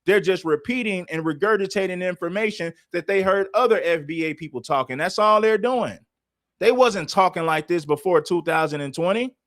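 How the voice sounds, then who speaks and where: Guy with ranting hard on a livestream, high voice, dry close sound. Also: normal speed, a bit bright, no room sound. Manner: confrontational, repetitive, challenging. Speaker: livestream host. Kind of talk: heated livestream commentary.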